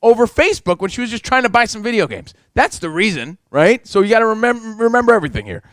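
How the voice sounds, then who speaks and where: A man's voice: high voice, fast, dry recording, clean studio sound. A man co-hosting a radio show, telling a story in casual chat, acting out voices and swearing freely. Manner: animated, acts out quotes, swears a lot.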